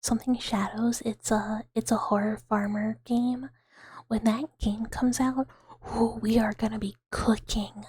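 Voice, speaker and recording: A young woman whispers through a relaxed ASMR chat, her voice breathy and airy, pitched a little high. She rambles playfully and giggles often, and the sound is close and dry with no room around it. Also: unhurried, dry recording. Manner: soft unvoiced whispering, giggly. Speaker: ASMR streamer.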